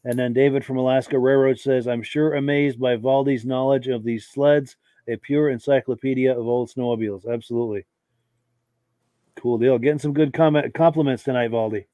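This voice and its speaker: A man's voice: mid-range voice, a little fast, no echo. A male podcast host with a cold and a fading voice, chatting casually as he reads viewer comments on a live show. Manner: relaxed, chatty, with many fillers. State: losing his voice from a cold, coughing.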